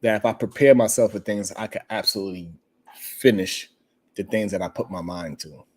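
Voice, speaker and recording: Animated, profane male show host. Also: lowish voice, normal speed, husky. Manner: animated, swearing freely, loud bursts. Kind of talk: casual storytelling chat.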